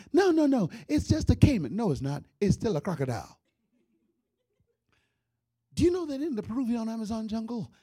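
A man telling a comic story in an animated way, with loud outbursts. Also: high-pitched, breathy edge, no echo, studio quality. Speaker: comedian. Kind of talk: comedic storytelling.

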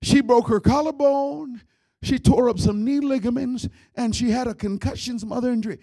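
A man telling a comic story in an animated way, with loud outbursts. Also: very high voice, moderate pace, gravelly, dry recording, clean studio sound. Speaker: comedian. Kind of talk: comedic storytelling.

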